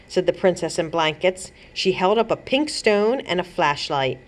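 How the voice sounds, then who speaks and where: A woman children's librarian reading a chapter book aloud in an expressive storytelling manner. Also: on the low side, normal speed.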